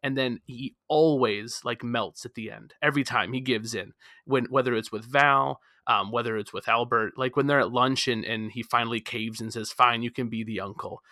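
A man's voice: medium pitch, fairly even intonation, normal speed, sharp tone, no echo, clean studio sound. A man co-hosting a casual movie discussion, giving his opinions emphatically. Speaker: podcast co-host.

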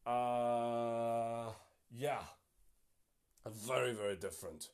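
A man's voice: mid-range voice, steady tone, measured pace, a little mellow. A man hosting a solo podcast, talking casually and thinking aloud, often unsure of himself. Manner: chatty and self-doubting, thinking aloud. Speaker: podcast host.

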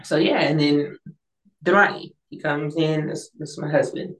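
Young adult woman, low register, lively storyteller. Recorded roomy and off-mic. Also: moderate pace, recorded from a distance. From Northern California. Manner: animated storyteller, acts out quoted voices, laughs often. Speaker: interview guest, singer-songwriter. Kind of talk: casual storytelling interview.

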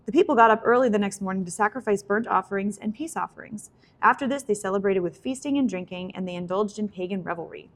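A woman reading scripture aloud at a steady pace, now and then correcting a slip. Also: medium pitch, fast. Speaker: scripture reader.

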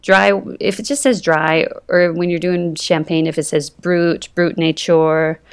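A woman's voice: on the low side, fairly even intonation, measured pace, clean tone. A woman guest on a podcast, explaining things confidently in casual conversation. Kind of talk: casual interview chat.

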